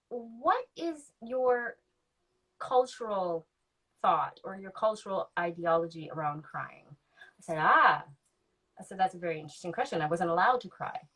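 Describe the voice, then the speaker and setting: A woman in her forties with a fairly low voice speaks as a podcast guest. She tells a candid personal story in a reflective way, with many ums, and acts out remembered conversations. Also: poor audio.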